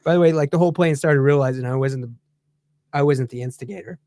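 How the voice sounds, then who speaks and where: A man telling a story in a casual chat show, animated and heated, laughing as he goes. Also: fairly high pitch, fast, dry recording. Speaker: guest on a talk show.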